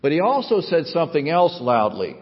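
A man's voice: on the high side, wildly swooping pitch, fairly quick, slightly rough. A male pastor delivering a sermon, building to emphatic, rising phrases and then easing into explanation. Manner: preaching with rising emphatic cadence. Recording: dull sound with long hall reverb.

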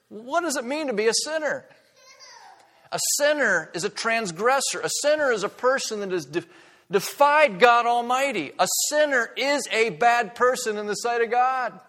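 A man's voice: extremely high pitch, lively intonation, fairly bright tone. Earnest man preaching in an echoing hall. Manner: earnest, emphatic, slows down to stress key words. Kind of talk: sermon.

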